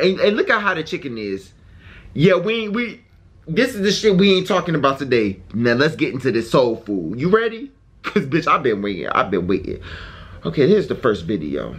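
A man's voice: a little high, husky. A man hosting a casual reaction video, talking in a brash, profane and exaggerated way.

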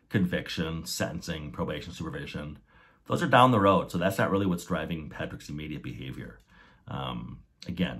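A man's voice: a bass voice, a bit bright, husky. A man hosting a podcast, explaining ideas methodically and restating his key points. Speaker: podcast host.

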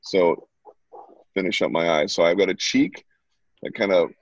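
A man's voice: sits low, moderate pace, gravelly, dry recording. A man at home giving a casual, chatty live drawing lesson and talking while he sketches. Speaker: drawing instructor. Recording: dull lo-fi, dry sound.

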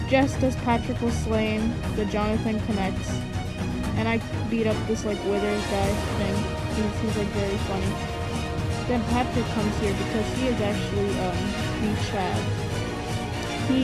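A woman giving casual, jokey gameplay commentary, mocking herself with dramatic asides. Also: a little high. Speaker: gaming video narrator. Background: background music.

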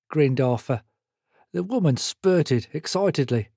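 An older man reading his own memoir aloud in a measured storytelling manner. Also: fairly high pitch, mellow, no room sound, clean studio sound. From Britain. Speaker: memoir author.

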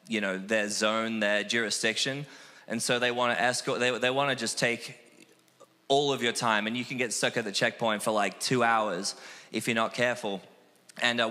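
A man from Australia, a missionary guest telling animated, self-deprecating stories in a casual interview. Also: medium pitch. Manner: animated, acts out quoted voices, self-deprecating. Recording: long hall reverb.

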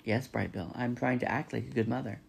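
A polite, literal-minded female robot from a storybook speaks calmly and plainly, voiced by a man. The tone is husky with some gravel. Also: mid-range voice, fairly quick. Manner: calm, polite, plain-spoken.

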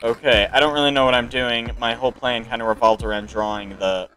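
A man playing a card game on his channel and thinking out loud, with sudden excited outbursts between calm remarks. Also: medium pitch, fairly quick, a little hiss or hum, low-quality recording. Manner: excitable reactions and self-talk. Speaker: gaming channel host. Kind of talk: let's play commentary.

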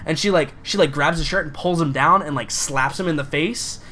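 A man's voice: fairly high pitch, fairly quick, sharp tone. Male GM, casual rambling narration, filler-heavy, faint room noise. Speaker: game master. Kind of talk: narrating a tabletop game.

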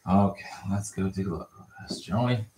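A man with a low voice and moderate pace livestreams from a puppy pen inside his home, with background noise audible. He chats casually about puppy care, rambling with lots of fillers and restarts, and slips into baby talk with the puppies.

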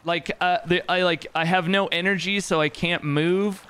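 A man's voice: high voice, fairly even intonation, moderate pace, fairly bright tone, smooth. A man giving casual commentary on his own gaming, exasperated and self-mocking, with frequent swearing. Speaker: game streamer.

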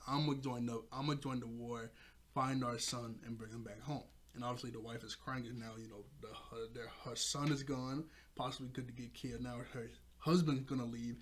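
A man's voice: medium pitch, husky. Casual man laughing through a recap. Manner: laughs often, corrects himself, loose slangy retelling. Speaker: show reviewer.

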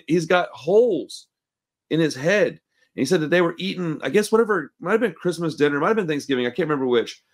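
A male podcast host with a slightly higher voice tells his stories loosely and full of slang. He swears freely and laughs along with his own anecdotes. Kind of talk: casual chat.

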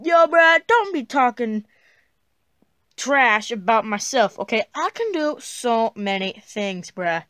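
A woman's voice: a little high, big pitch swings, takes it slowly, fairly bright tone, no room sound, clean studio sound, exaggerated voice. A woman voicing a laid-back male dinosaur imaginary friend who drawls slang in a plush puppet comedy. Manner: drawling, says bruh constantly.

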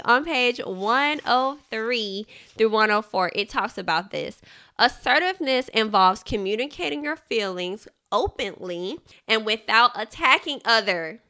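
Woman, podcast host, bright tone, smooth clear voice, casual chatty book talk. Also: a little high. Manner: chatty, animated, laughs often, addresses listeners as y'all.

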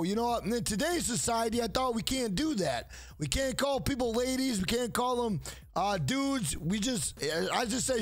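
A man's voice: extremely high pitch, animated, normal speed, dry recording. A man streaming a game, chatting casually and telling rambling, profane stories to his viewers. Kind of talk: casual live-stream chat.

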